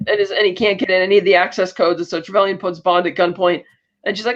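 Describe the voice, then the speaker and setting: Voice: mid-range voice, steady tone, fast. A podcast co-host casually recapping a film, retelling scenes with loose asides and acted bits of dialogue. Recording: dull lo-fi audio.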